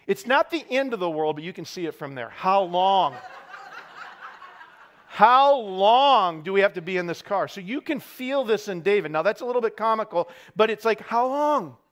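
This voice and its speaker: High-voiced man preaching a sermon. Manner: builds to shouting peaks, wry asides about parenting. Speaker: pastor.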